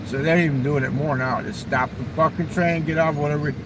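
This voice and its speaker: A man rambles through crude stories in a loose, profane monologue, his voice sitting a bit higher than most men's. He talks outdoors near a railroad crossing, with faint traffic noise behind him. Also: steady tone, a little fast. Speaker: vlogger.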